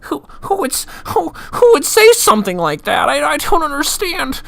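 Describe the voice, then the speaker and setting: A shrill, tearful young woman, put on by a man, wails and shouts her outrage. The voice leaps very high and swings wildly, with a gravelly crackle in it. It sounds close and dry. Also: wildly swooping pitch, moderate pace, no room sound, full character voice. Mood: mock outrage. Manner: sobbing, shouting in mock outrage.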